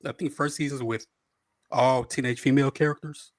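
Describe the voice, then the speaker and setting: A man's voice: mid-range voice, fairly even intonation, a little fast, no echo, clean studio sound. A man on a talk show panel chatting casually, easygoing and a little hesitant as he recommends something.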